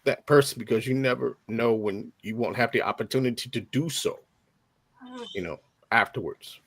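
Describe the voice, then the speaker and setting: A man giving a heartfelt spoken tribute on a video call, earnest and halting, with many pauses and fillers. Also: mid-range voice, breathy edge, dry recording. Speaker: tribute speaker.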